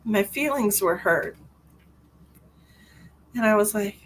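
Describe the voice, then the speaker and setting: A woman in her forties, a psychic medium chatting on a live stream, rambling and gushing, often laughing and breaking into high excited greetings. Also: slow pace, pauses often, slight background noise, low-quality recording. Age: 40s. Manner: frequent restarts and fillers, sudden high excited greetings. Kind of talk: live-stream psychic reading, casual chat.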